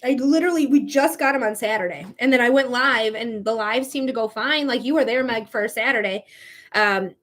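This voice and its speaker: A woman's voice: fairly high pitch, a little fast, a bit bright. A young woman doing a live-stream tarot reading, chatty and casual, swearing freely, laughing often and talking straight to her viewers. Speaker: psychic tarot reader.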